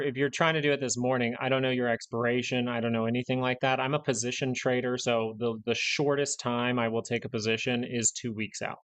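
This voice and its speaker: A man's voice: medium pitch, clean tone. A young man hosting a live stock market stream, ranting bluntly and repeating points for emphasis. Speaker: stock market livestream host.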